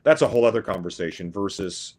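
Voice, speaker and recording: A man's voice: deep voice, expressive, quick pace, darkish tone. A man talking as a guest in a casual chat, rambling and repeating his words. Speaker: guest musician.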